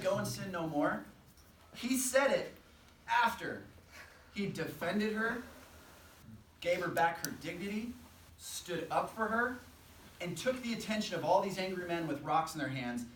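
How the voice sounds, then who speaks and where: A man's voice: high voice, a bit bright, slight background noise. A young man preaching a sermon, earnest and conversational, acting out quotes as he goes. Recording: echoey room, from a distance.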